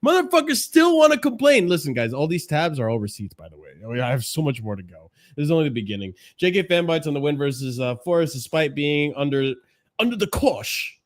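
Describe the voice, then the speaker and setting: A man hosting a casual reaction stream, mocking and profane, swinging between low mutters and loud outbursts into a desk microphone. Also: animated, fast. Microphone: desk microphone, clipping when loud.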